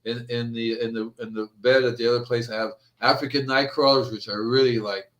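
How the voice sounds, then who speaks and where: A man hosting a gardening show, chatting casually and telling animated stories that he acts out. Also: mid-range voice, fairly quick. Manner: animated storyteller, acts out quotes. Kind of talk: casual podcast chat.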